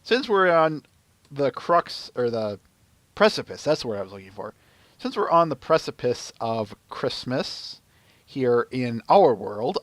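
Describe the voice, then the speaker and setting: A man's voice: medium pitch, no echo. A man hosting a casual podcast chat, searching for words as he talks. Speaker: podcast host.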